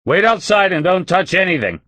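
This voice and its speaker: A man's voice: sits low, big pitch swings, a little fast, no echo. A man voicing a grim male police detective who gives curt, urgent orders. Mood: shouting.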